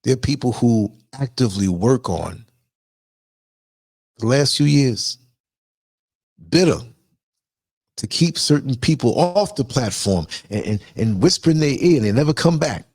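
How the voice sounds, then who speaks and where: A man's voice: mid-range voice, measured pace, pauses often, slightly rough, dry recording. New York man telling a story. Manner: animated, acts out quoted voices. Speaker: podcast host. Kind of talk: casual storytelling monologue.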